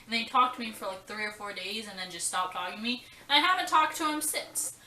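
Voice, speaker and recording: A woman's voice: medium pitch, expressive, fast, pushed and bright, slight background noise. A young woman telling a personal story in a casual vlog, rambling and emotional with lots of fillers. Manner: rambling, emotional, full of fillers and quoted dialogue. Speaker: vlogger. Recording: roomy, distant from the mic.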